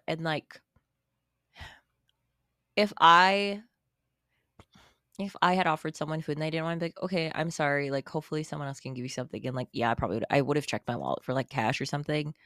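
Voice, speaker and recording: A young adult co-host talks casually on a podcast at a middle pitch, easygoing and agreeable. The voice is recorded dry and close, with no room sound. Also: fairly even intonation, fairly quick, fairly bright tone, dry recording. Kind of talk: casual chat, reading a post aloud.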